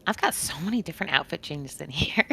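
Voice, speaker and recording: A woman putting on a bright teasing purse-keeper. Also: sits low, animated, fast talker, creaky, slightly rough, exaggerated voice. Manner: playful, teasing.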